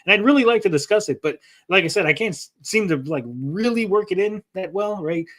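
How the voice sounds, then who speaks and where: Rambling livestream host, higher-pitched man. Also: animated, a little fast, fairly bright tone. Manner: rambling, joking, reads chat aloud. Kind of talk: casual livestream chat.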